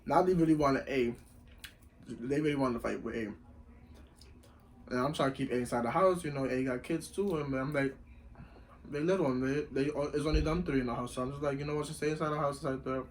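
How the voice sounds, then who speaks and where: A young man telling a story casually while eating, slangy and rambling, getting loud when he acts out what people said. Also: medium pitch, a little fast, a little hiss or hum, poor audio. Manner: animated, acts out quoted lines loudly. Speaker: vlogger.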